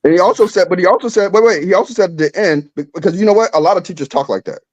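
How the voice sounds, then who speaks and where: A man talks fast and insists on his points, repeating himself to hold the floor. His slightly high voice comes through a dull, dry, lo-fi recording. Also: no room sound. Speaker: podcast panelist. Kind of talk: heated casual debate.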